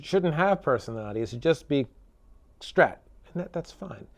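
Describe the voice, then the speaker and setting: A man's voice: medium pitch, vocal fry. Chatty man demoing a guitar. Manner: relaxed, chatty, many fillers and tag questions. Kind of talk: casual product demo talk. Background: electric guitar playing.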